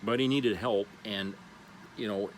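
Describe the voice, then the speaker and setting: A man's voice: fairly low pitch, steady tone, a little slow, slight background noise, rough recording. A man vlogger reads an article aloud, then comments casually and loosely, with many fillers. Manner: loose and rambling, with many "you know" fillers.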